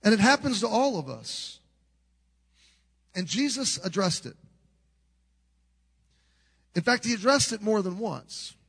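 A man's voice: sits high, animated, unhurried, gravelly, long pauses, fairly bright tone, slightly rough. A middle-aged man preaching a sermon as a pastor, telling a story in an earnest, conversational way with frequent restarts. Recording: long reverb of a large hall.

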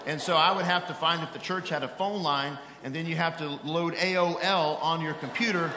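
A middle-aged man preaching as an evangelist, telling a story in an animated, self-mocking way that swings from loud exasperation to hushed tones. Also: fairly high pitch, brisk, background noise. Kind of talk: sermon storytelling. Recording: echoey hall with long reverb.

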